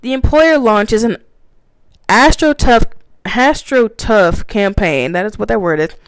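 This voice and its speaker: A woman reads points aloud and rants about them as profane commentary, swearing, laughing and acting out mocking confrontations with lots of animation. Her voice is medium-pitched and smooth at a measured pace, recorded with no echo.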